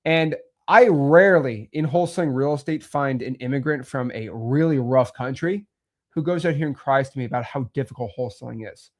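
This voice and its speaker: A man's voice: mid-range voice, a little fast. A man hosting a talk, speaking bluntly and pushily and repeating himself. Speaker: host. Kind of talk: motivational talk.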